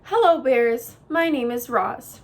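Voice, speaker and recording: A woman voicing a friendly female robot in a storybook reading, speaking with measured, formal politeness. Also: high voice, expressive.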